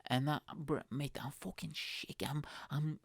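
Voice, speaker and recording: A man's voice: on the high side, fairly even intonation, normal speed, vocal fry, slightly rough, no room sound, clean studio sound. A male comedian hosting his own podcast, telling a rambling, profane, self-mocking story in a casual monologue.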